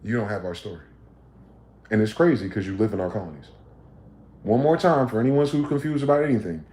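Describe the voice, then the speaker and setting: Man, livestream rant, profane, combative, dark mellow tone, echoey room. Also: on the low side, a little fast, long pauses. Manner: profane, combative, rhetorical questions. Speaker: livestream host. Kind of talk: ranting livestream monologue.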